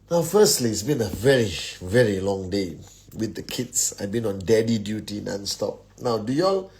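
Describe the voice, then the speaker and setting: A man's voice: lowish voice, gravelly, a little mellow. A man hosting a live stream from home, upbeat as he rattles off greetings to many viewers before a casual motivational talk, speaking into a phone. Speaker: host of a network marketing live stream. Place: at home, indoors.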